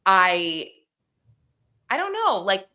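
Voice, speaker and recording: Bright-voiced tearful woman recapping a trial. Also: medium pitch, drawn-out words. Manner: tearful, animated, acts out courtroom quotes. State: crying, sniffly. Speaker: true crime show host. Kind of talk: emotional livestream case recap.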